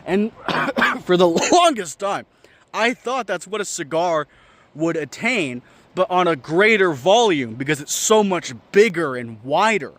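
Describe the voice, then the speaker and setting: A young man with a slightly high voice vlogs in a casual comedic rant. He swears often and sounds incredulous and animated. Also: a little slow. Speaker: vlogger.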